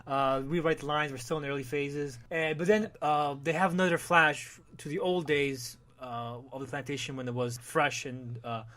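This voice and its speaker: Guy on a podcast, kinda high voice, recapping comics and doing the lines in quick voices. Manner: animated retelling, acting out dialogue in quick voices. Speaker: podcast host. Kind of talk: casual comic book discussion.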